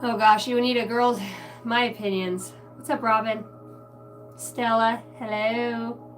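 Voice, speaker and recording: A woman reading tarot cards on a live stream in a chatty, casual way, greeting viewers by name and clearing her throat now and then. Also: a little high, level tone, unhurried. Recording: distant mic with music playing behind.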